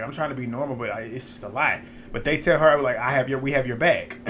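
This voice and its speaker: A young man talks through a reality show episode in a loose, chatty recap, blunt and quick to swear or laugh. His voice sits at an ordinary middle pitch for a man. A faint hiss lies under the close home recording. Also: pushed and bright.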